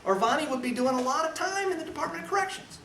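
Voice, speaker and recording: A man, a defense lawyer, teaching a seminar with animated storytelling, acting out scenes and swinging between loud and hushed talk. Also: extremely high pitch, quick pace, vocal fry. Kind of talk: lecture with storytelling. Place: lecture room. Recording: echoey room, far mic, noisy.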